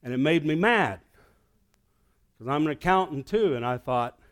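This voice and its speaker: A man preaches to his congregation, telling a story with a slightly high voice. He drops to a near whisper, then climbs to loud, excited peaks. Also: normal speed, long pauses. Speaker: pastor. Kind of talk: sermon. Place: church sanctuary.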